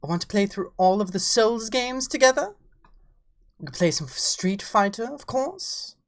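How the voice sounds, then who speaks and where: A woman's voice: medium pitch, sing-song, unhurried. A woman with an English accent chatting casually on a livestream, playful, greeting viewers as darling. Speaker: streamer.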